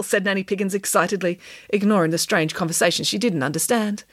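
A woman narrating a children's story audiobook in an expressive, animated way. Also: medium pitch, fast, no echo, studio quality.

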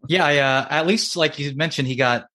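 A man's voice: fairly high pitch, moderate pace, sharp tone. A man hosting a casual interview who laughs along and asks loosely phrased questions. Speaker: interviewer, host.

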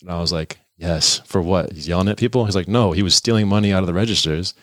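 Fast-talking deep-voiced man telling a story. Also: no room sound, studio quality. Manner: animated, profane, acts out voices in his stories. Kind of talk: casual storytelling.

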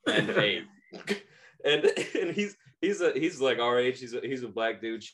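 A man in his thirties spins a story on a casual podcast. His pitch swings widely, he laughs a lot, and he slips in quick impressions of the people he met. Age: 30s. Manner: animated, laughs often, acts out quoted voices. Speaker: podcast co-host.

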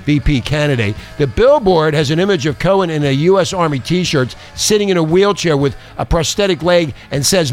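A man hosting a talk radio show, ranting angrily with profanity and mocking sarcasm. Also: fairly high pitch. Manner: angry, profane, combative ranting.

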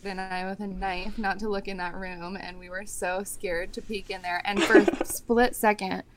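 A woman's voice: mid-range voice, little pitch movement, moderate pace, very noisy. A young woman in her twenties co-hosting a podcast, talking casually in an emphatic, supportive way. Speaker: podcast co-host. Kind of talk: casual chat.

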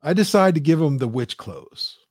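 Animated high-voiced male storyteller. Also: normal speed, no echo, clean studio sound. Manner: animated storyteller, acts out quotes in a high squeal. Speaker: guest, business founder. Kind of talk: storytelling interview.

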